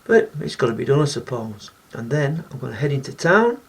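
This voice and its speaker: A man's voice: medium pitch, big pitch swings, a little fast, vocal fry, slight background noise. A man, narrating his day in a casual vlog in a chatty, wry, self-mocking way. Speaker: vlogger.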